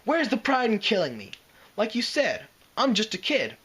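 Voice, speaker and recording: A man's voice: high-pitched, huge pitch swings, moderate pace, a bit bright, slightly rough, pitched above the performer's own voice, exaggerated voice. A man voicing Spike, a young boy dragon who is frightened but talks back defiantly. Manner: pleading, retorting, insolent.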